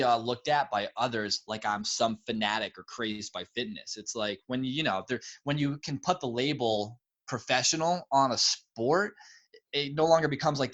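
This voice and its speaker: Animated young man telling a story. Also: mid-range voice, lo-fi sound. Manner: animated storyteller, acts out quotes in a raised voice. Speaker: guest, pro obstacle course racer. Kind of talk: casual interview chat.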